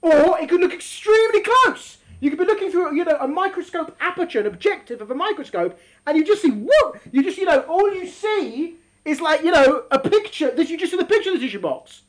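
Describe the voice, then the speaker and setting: A woman's voice: very high voice, expressive, brisk. A woman teaching a class, reading from a text and explaining it, and stretching out words for emphasis.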